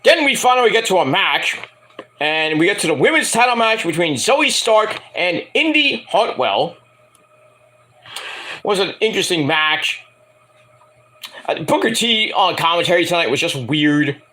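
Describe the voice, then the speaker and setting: A man's voice: sits high, big pitch swings, normal speed, pauses often, sharp tone. A man giving a casual review vlog, rambling and swearing, mocking people as he goes. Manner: rambling, profane, mocking rants. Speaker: wrestling show reviewer.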